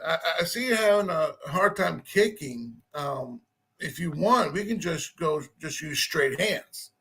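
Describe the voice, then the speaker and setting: A man's voice: high voice, creaky, pushed and bright. A man telling a rambling, self-deprecating story in a casual chat.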